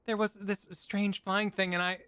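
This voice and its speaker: A flustered young maid, done by a man in falsetto. The voice sits far above his own and flutters nervously. She sounds small and apologetic. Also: little pitch movement, normal speed, sharp tone, clean tone.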